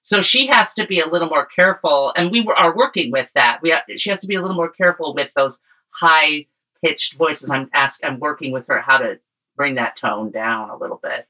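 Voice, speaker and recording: A woman's voice: low voice, normal speed, pushed and bright, low-quality recording. A woman co-hosting a podcast, a speech and debate coach, chatting in a matter-of-fact, opinionated way. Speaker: podcast co-host. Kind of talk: casual chat.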